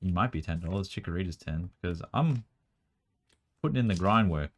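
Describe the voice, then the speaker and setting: A young man with a strained, worn-out voice, chatting quickly as he sorts through a card collection at home, with bursts of excitement. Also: sits low. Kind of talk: casual running commentary while sorting cards. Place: room at home.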